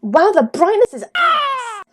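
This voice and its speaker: A woman's voice: extremely high pitch, wildly swooping pitch, a little slow, background noise. A young woman chatting casually with a friend while playing a ghost-hunting game, with jumpy exclamations. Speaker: gamer. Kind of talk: casual chat while gaming.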